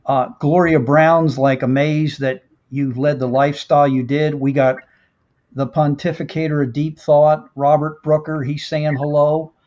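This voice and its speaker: A man hosting an interview, chatting casually and halting with fillers as he reads out names. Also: fairly high pitch, little pitch movement, a little mellow. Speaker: host. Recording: dull lo-fi audio.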